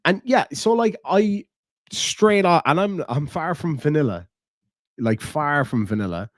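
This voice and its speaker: Unhurried and expressive, an Irish man with a fairly high voice hosts a live stream, reading and answering his chat. He's blunt and casual, swears freely, and laughs readily, in a studio-quality recording with no echo.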